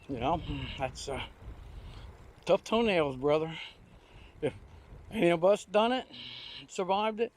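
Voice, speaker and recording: Older man, slightly high voice, folksy storyteller, rambling, talking outdoors on a ride. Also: normal speed, long pauses. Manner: folksy, rambling anecdotes with homespun grammar. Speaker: vlogger. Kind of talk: casual storytelling while riding. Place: outdoors on a recumbent trike ride.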